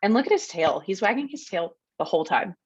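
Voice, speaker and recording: A woman's voice: mid-range voice, lively intonation, brisk, slightly rough, no echo, lo-fi sound. A woman dog trainer giving a workshop, explaining video clips in a friendly, casual way. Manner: friendly, explanatory, narrates clips with ums and laughs. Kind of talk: educational webinar talk over video clips.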